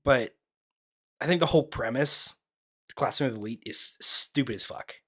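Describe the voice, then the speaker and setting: A young man in casual reaction commentary, talking bluntly and freely swearing. He rambles and restarts, filling gaps with lots of fillers. His voice sits at a middling pitch. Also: moderate pace, fairly bright tone. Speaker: anime YouTuber.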